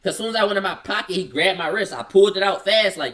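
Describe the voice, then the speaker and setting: A man tells a story, jumping into the voices of the people in it with quick excited bursts. His voice has a bright, forceful edge, and he sits a little back from the mic. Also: high voice, distant mic. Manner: acts out quoted dialogue, rapid excited bursts. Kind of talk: animated casual storytelling.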